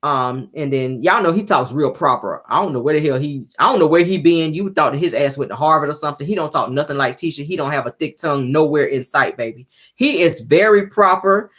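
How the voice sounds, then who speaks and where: A woman's voice: low voice, expressive, fairly quick, fairly bright tone. A woman casually recapping a reality TV episode, talking sassily straight to her viewers. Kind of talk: casual show recap commentary.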